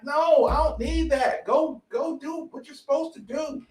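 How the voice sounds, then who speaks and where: A high-pitched man with a drawl rants on a sports talk show, swearing and circling back over his points. His voice rings around an echoey room. He sits a little back from the mic. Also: measured pace, hardly any pauses, darkish tone, far from the mic. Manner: fired-up, profane, repetitive. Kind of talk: heated sports talk rant.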